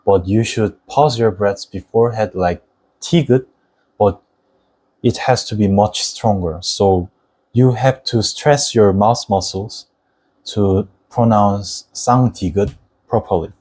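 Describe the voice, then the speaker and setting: A man's voice: on the low side, a little mellow, poor audio. A young man whose first language is Korean, patiently explaining the Korean alphabet in a lesson. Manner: patient, deliberate, models Korean words slowly.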